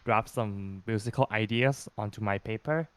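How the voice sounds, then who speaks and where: Low-voiced man chatting as a player. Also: normal speed, clean tone, no echo. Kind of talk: casual chat.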